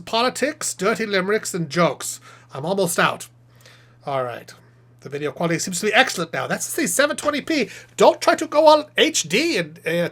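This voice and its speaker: A man's voice: high-pitched, fairly bright tone, heavily acted. A man voicing a goofy, chipper puppet host. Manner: rambling, jokey, chatty with viewers. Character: chatty male puppet host, cheery, goofy, pun-loving. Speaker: live stream host. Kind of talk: live stream chat.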